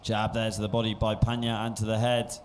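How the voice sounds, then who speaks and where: A man giving live blow-by-blow boxing commentary with brisk play-by-play calls that lift at big moments. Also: on the low side, completely flat delivery, a crowd in the background. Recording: commentary over loud music.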